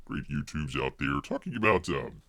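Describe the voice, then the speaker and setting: A man's voice: a bass voice, sing-song, moderate pace, bright, forceful tone, no echo, clean studio sound. A man hosting a live stream in casual chat, calling himself Bear in the third person with over-the-top mock mourning.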